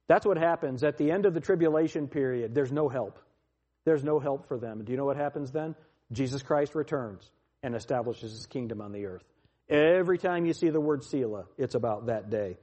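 A man preaching a Bible teaching sermon, reading scripture aloud with rising emphasis and dropping his voice low on each Selah. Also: normal speed, warm tone, lo-fi sound.

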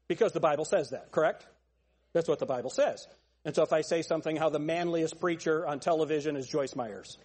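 Preaching as a pastor, a man delivers an emphatic, pointed sermon, throwing rhetorical questions at the congregation and building up to shouts. His voice sits a little high and his pace is a little fast.

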